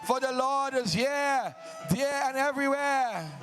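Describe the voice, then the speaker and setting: Male devotional storyteller, very high voice, slow dramatic preacherly phrasing. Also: expressive, a bit bright, soft background music. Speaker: Ramleela narrator.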